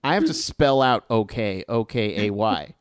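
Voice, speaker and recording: Male podcast host, mid pitch, joking and self-deprecating, dead-dry studio sound. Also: animated, normal speed, smooth, dry recording. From Mexican-American upbringing. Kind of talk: casual chat.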